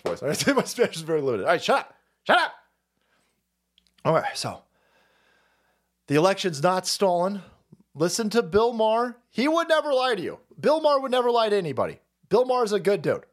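A man's voice: high-pitched, big pitch swings, a little fast, long pauses. A man hosting a livestream, ranting profanely and sarcastically and laughing often. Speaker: streamer host. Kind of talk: livestream commentary rant.

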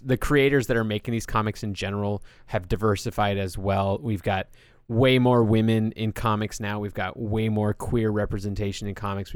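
A man's voice: fairly low pitch, clear, resonant tone, no room sound, clean studio sound. A man hosting a podcast, chatting casually and loosely with lots of filler words. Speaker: podcast host.

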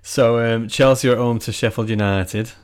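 A man's voice: medium pitch, steady tone, normal speed, darkish tone, clean tone. A man co-hosting a football podcast, teasing his friend and running through the results. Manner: teasing, joking, reads results. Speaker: podcast co-host. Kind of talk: casual chat.

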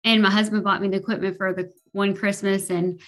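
A woman's voice: medium pitch, little pitch movement, a little fast, a bit bright. A woman with a Kentucky accent, a podcast guest telling her personal story hesitantly with lots of fillers. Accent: Kentucky Southern American. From Kentucky, USA. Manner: hesitant, many fillers, laughs easily.

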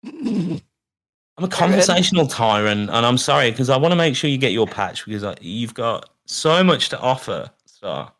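A man's voice: mid-range voice, sing-song, normal speed, fairly bright tone, no echo, clean studio sound. A British man co-hosting a podcast, rambling and self-deprecating, swearing often. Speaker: podcast co-host. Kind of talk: casual podcast chat.

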